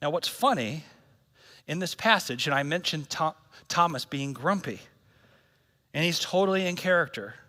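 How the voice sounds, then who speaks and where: A man's voice: a little high, animated, normal speed, long pauses, bright, forceful tone, big-room sound. A man pastor giving a sermon at a church service in a casual, joking, slangy way.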